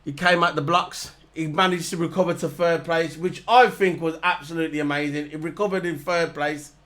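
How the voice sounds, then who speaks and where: A man, voice pitched high and bright, launches into a casual rant to camera. He sounds heated and mocking, hammering the same points again and again. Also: steady tone, fairly quick. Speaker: vlogger reviewing races. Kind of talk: ranting casual monologue to camera.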